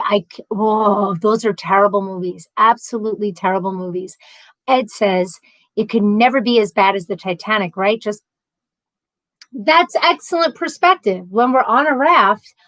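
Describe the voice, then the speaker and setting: A middle-aged woman chatting on a casual livestream, reading viewer comments aloud in a lively, animated way. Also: medium pitch, normal speed, dry recording, poor audio. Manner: chatty and animated, laughs often.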